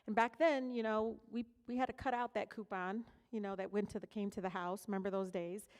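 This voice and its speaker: A woman's voice: mid-range voice, fairly even intonation, fairly quick, a little mellow, clear, resonant tone. A middle-aged woman from Detroit giving a keynote speech, telling personal stories in a candid, conversational way with frequent fillers and asides. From Detroit, USA. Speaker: keynote speaker. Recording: long reverb of a large hall.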